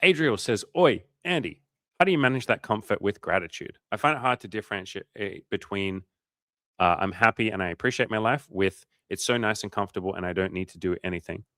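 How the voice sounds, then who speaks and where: A man's voice: on the low side, fast, bright, forceful tone, dry recording, clean studio sound. A young man casually chatting on a livestream as a coach, reading out comments, swearing freely and saying "like" a lot.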